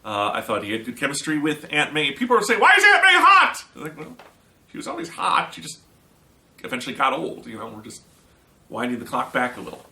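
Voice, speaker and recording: A man's voice: mid-range voice, expressive, fast talker, vocal fry, bright, forceful tone. A man giving a casual, opinionated spoken movie review with an American accent and sarcastic asides.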